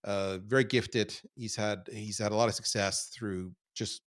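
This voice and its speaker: Candid middle-aged man telling stories. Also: unhurried. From Canada. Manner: animated, self-deprecating, swings from low and quiet to loud. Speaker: podcast guest. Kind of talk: candid conversational storytelling.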